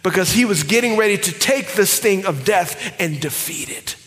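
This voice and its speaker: In a church sanctuary, a pastor with a slightly high voice preaches a sermon at a moderate pace, expressive as he swings from loud, emphatic cries to hushed near-whispers. A long hall reverb rings behind his words as he works the room.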